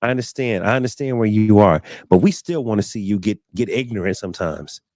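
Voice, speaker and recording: This man hosts a laid-back live-stream talk show, spinning stories and voicing the people he quotes, with frequent word repetitions as he works out what to say. He speaks briskly in a fairly low, darkish tone. There's no room sound; the audio is clean studio quality.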